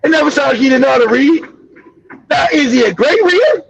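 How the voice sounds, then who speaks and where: High, gravelly man ranting on a stream. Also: fairly quick, lo-fi sound, crowd noise. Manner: loud, animated, profane ranting. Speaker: stream host. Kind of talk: live stream commentary.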